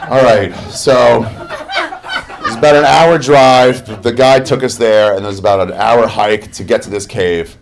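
A young adult man doing a crude, sarcastic and energetic stand-up story. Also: fairly low pitch, moderate pace. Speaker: stand-up comedian.

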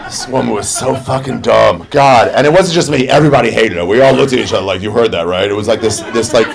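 A man's voice: mid-range voice, quick pace, vocal fry. Crude, sarcastic male stand-up comic. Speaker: stand-up comedian. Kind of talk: stand-up storytelling.

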